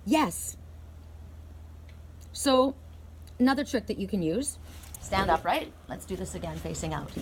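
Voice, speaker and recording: A woman's voice: medium pitch, measured pace, pauses often, a little hiss or hum. Earnest woman reading oracle cards outdoors. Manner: earnest, emphatic and encouraging, with bursts of excitement. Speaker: oracle card reader. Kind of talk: outdoor tarot-style card reading. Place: outdoors in the cold by an inn.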